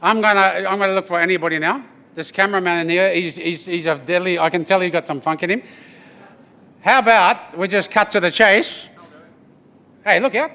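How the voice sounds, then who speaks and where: Speaking fairly quickly, an Australian artist gives a humorous storytelling talk with a didgeridoo demonstration to a live audience at a corporate briefing, moving between jokes and playing. His bright, forceful voice sits high for a man, and he stays loose and chatty, throwing "yeah?" and "eh?" to the room.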